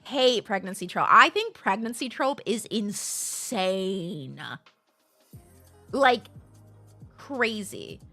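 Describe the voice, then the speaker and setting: Talking into a streaming mic with faint music behind her, a female streamer chats casually with her audience, blunt and animated with plenty of swearing. She speaks at a medium pitch and takes her time.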